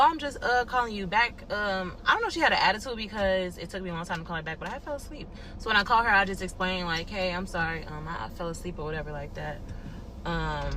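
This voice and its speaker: A woman telling a dating story in a casual, sassy, dismissive way, quoting people in animated voices. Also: mid-range voice. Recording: noisy clip with clear background noise.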